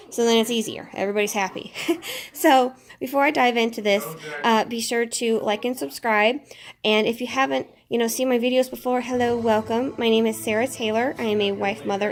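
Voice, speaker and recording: A woman in her thirties chatting casually through a haul vlog at home, slightly out of breath from a chest cough, rambling with frequent fillers and laughs. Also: fairly high pitch. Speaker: vlogger.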